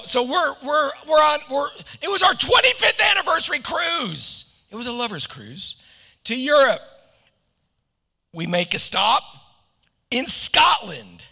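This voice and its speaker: Middle-aged american man, pastor preaching, playful joking asides, high gravelly voice, long hall reverb. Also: pushed and bright. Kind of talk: sermon.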